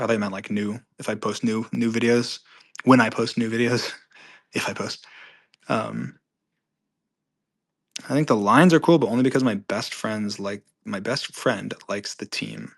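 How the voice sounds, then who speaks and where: A man's voice: fairly low pitch, vocal fry. A man hosting a live audio chat room, casually reading out listener questions and answering them in an offhand, rambling way. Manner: offhand, rambling, with restarts and trailing off; skims questions quickly under his breath.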